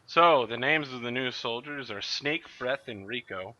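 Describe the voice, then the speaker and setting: A man narrating a tabletop game as game master, briskly and playfully, in a muffled lo-fi recording. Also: medium pitch, bright, forceful tone, a little hiss or hum.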